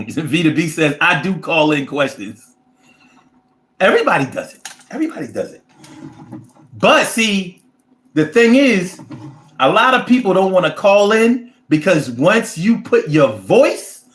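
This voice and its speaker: A man hosting a casual show, talking to a live chat with animated, profane ranting, in a roomy-sounding space. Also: high-pitched, unhurried. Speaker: show host. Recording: roomy echo.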